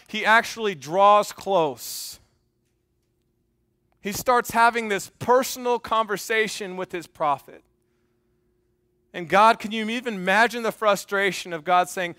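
Male pastor, high-pitched, dry close sound, lively sermon delivery with scripture reading. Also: smooth, no echo. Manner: animated preaching, reads scripture aloud, jokes with congregation. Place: church.

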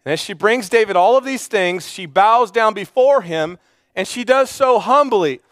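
Dry, animated preacher man with a high voice. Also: moderate pace, dry recording. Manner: animated storytelling, acting out the characters' lines. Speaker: pastor. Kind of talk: sermon.

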